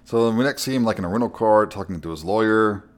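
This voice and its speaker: A man's voice: lowish voice, fast talker. A man co-hosting a podcast, casually recapping a horror film and chuckling often. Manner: laid-back storyteller, chuckles often. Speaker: podcast co-host.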